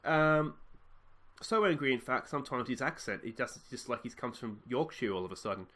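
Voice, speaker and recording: At a normal pace and medium pitch, a man hosts a let's play of his football management game. His commentary is casual and chatty, drifting into musing and flaring into excitement as things happen.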